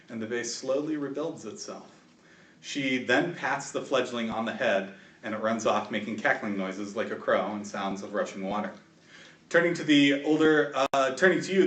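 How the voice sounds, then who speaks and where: A man's voice: mid-range voice, distant mic. A man narrating as game master of a tabletop game, telling the story and laughing between bits. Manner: storytelling, laughs between shouted guard voices. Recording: echoey room, voice from off-mic.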